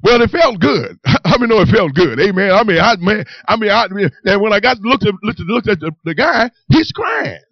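A man telling his personal testimony to a congregation, in animated storytelling that keeps asking whether they understand. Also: high-pitched, moderate pace, creaky, few pauses, dry recording, highs cut off. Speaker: church testimony speaker.

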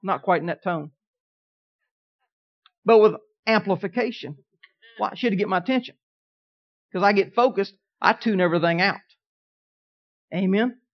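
Man, pastor, folksy sermon storyteller with big swings in loudness; dull lo-fi recording. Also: high voice, moderate pace, long pauses.

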